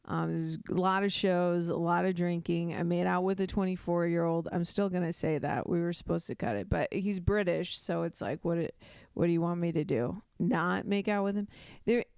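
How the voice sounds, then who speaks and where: A young woman hosts a loose comedy podcast, giggling and tripping over her own intros. Her voice sits a little low and comes through smooth and clear. The close mic gives a dry, intimate sound. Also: fairly even intonation, moderate pace, darkish tone, no echo. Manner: giggly, self-deprecating, rambling with restarts. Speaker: podcast host. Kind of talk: casual comedic podcast chat.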